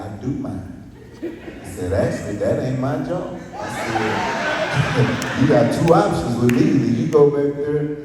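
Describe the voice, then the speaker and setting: A man with a Southern US accent telling a drawling, animated stand-up story and acting out the dialogue. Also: medium pitch, noisy background. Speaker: stand-up comedian. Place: live comedy venue with audience. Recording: echoey hall from far off, crowd laughing.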